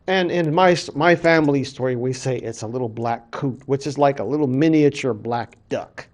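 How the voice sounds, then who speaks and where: A man, a college professor, casually retelling a creation story in a lecture, animated and full of fillers. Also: mid-range voice, moderate pace.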